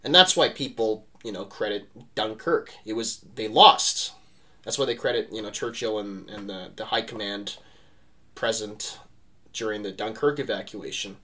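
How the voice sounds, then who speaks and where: Bright, energetic male co-host; animated and rambling storyteller who keeps checking in with "right?". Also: lowish voice, normal speed. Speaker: podcast co-host. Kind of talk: casual history discussion.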